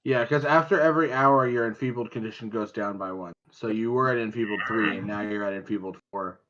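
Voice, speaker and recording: Player, male, lowish voice, deadpan asides, muffled lo-fi recording. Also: brisk. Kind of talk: casual chat while playing a tabletop game. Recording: dull lo-fi mic.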